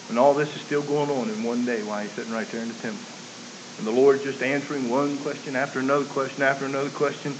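A man preaching a sermon, emphatic, moving between loud declaiming and quiet earnest appeals. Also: mid-range voice, little pitch movement, fast. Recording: muffled, hissy recording.

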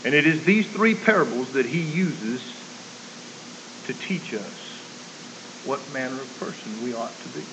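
A man preaching a sermon, emphatic, moving between loud declaiming and quiet earnest appeals. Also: medium pitch, measured pace, pauses often. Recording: muffled, hissy recording.

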